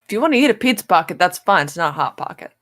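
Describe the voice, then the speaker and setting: Woman, casual stream chat, wry, lively intonation. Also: fairly low pitch, rapid-fire. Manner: wry, reads chat aloud.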